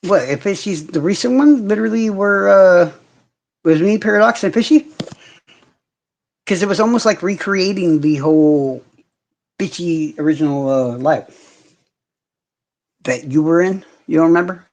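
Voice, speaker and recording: A man's voice: high-pitched, a little slow, pauses often, a little mellow, slight background noise. A man hosting a casual livestream, ranting in heavy profanity and answering viewers' comments directly. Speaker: livestream host.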